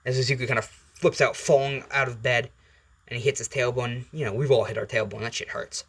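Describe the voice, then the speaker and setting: Man, storyteller, casual, rambling, swears, mid pitch. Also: steady tone, fairly quick, a bit bright. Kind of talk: improvised fan story narration.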